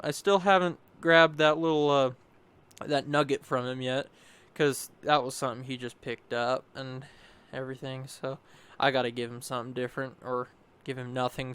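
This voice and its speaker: A man's voice: medium pitch, moderate pace, clear, resonant tone. A young man talking casually over his gameplay footage, rambling and restarting his sentences as he recounts a battle. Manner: rambling, restarts often, chatty and animated. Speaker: gameplay commentator.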